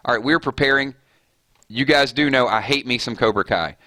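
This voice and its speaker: Male streamer, rambling and fired up; crisp forceful tone, close dry mic. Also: mid-range voice, fairly quick, no room sound. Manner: fired-up, rambling, laughs often. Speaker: gaming streamer. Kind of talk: casual live-stream chat.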